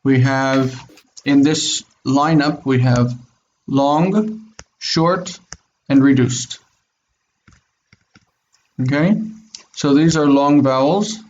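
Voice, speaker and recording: A man's voice: medium pitch, drawn-out words, pauses often, a little mellow, muffled recording. A man teaching Biblical Hebrew in an online class, explaining step by step and checking in with his students. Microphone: video call.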